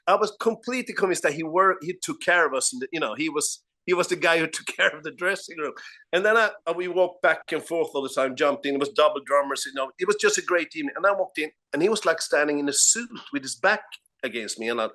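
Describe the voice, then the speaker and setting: A man with a Swedish accent tells backstage stories in a slightly raised voice, stumbling over his words and breaking into laughter. He speaks over a remote call in a relaxed interview. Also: on the high side, fast. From Sweden. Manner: animated anecdotes, frequent restarts, laughs often. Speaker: guest musician. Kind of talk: casual interview storytelling.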